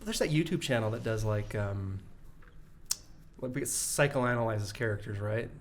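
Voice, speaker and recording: Chatty man co-hosting a film podcast. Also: on the low side. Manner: animated, quick to laugh, loose fillers. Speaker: podcast co-host. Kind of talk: casual film discussion.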